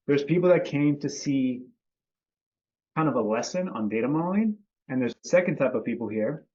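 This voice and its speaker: A man's voice: mid-range voice, darkish tone, husky. Easygoing man hosting a live stream. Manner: easygoing, greets viewers by name. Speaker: host and company CEO. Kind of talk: casual live-stream teaching. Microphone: video call. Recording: slightly dull video-call audio.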